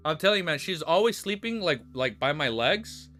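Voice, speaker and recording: Sitting on the floor at home, a young man winds down his stream with a loose, low-energy outro. His voice is high and fairly bright, and he often breaks off into playful baby talk with his dog.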